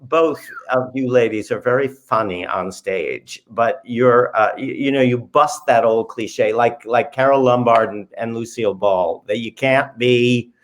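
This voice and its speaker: Man hosting a chatty interview. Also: mid-range voice. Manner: halting, complimentary, many restarts. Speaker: host. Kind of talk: casual chat.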